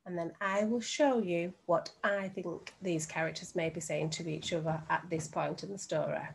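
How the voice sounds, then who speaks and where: A woman teacher giving a recorded lesson from home to young children, speaking slowly and clearly and sounding out words syllable by syllable. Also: lowish voice, fairly even intonation. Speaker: primary school teacher.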